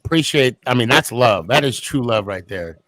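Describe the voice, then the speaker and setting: A man's voice: mid-range voice, lively intonation, normal speed, a loud crowd. A man hosting a casual call-in sports podcast, talking loosely with slang and thanking his guests. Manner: laid-back, slangy, thanks guests warmly. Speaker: podcast host.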